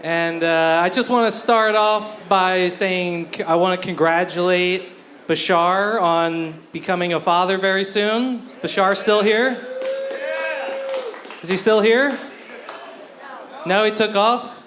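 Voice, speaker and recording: A man doing a stand-up comedy set on a club stage, telling deadpan one-liners and self-deprecating jokes into a handheld mic. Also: sits high, unhurried.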